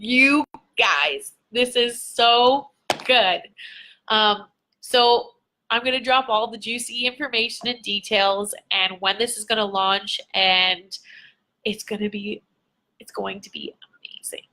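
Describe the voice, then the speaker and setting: A woman's voice: a little high, fairly even intonation, slow pace, sharp tone. A young adult woman, a business coach, talking to her followers in a bubbly, gushing, chatty livestream. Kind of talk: casual livestream talk to followers.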